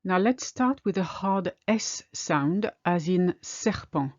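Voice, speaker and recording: A native French woman teaching a pronunciation lesson, slowing down to say each example word clearly. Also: fairly low pitch, lively intonation, darkish tone, no echo, lo-fi sound. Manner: clear, deliberate, slows down on example words.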